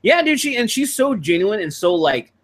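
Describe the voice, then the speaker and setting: A man hosting a casual video-call chat, rambling with lots of fillers and restarts, crude and quick to laugh. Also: sits high, sing-song. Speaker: streamer hosting a patron hangout.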